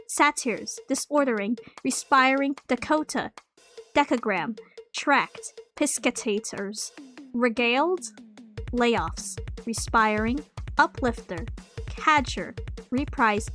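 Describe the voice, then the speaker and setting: Young woman streamer, high voice, slow deliberate word-by-word reading, faint music underneath. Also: fairly bright tone. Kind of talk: reading words aloud in a memory game.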